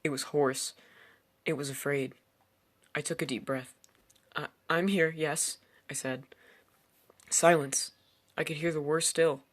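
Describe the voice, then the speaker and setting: A man's voice: fairly high pitch, fairly even intonation, a little slow, long pauses. A man reading a first-person horror story aloud in a tense storytelling manner. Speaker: narrator. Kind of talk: scripted horror story narration.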